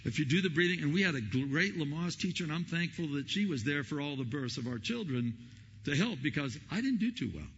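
A man preaching a sermon as pastor, telling stories and acting out the quotes with lively energy. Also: on the high side, a little fast, slight background noise. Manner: animated storytelling, acting out quotes. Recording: lo-fi recording in a reverberant hall.

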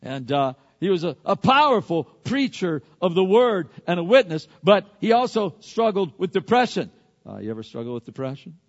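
A man preaching a sermon, swinging between loud emphatic peaks and quiet hushed asides. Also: high-pitched, very animated, moderate pace. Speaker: pastor. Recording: dull lo-fi sound with long hall reverb.

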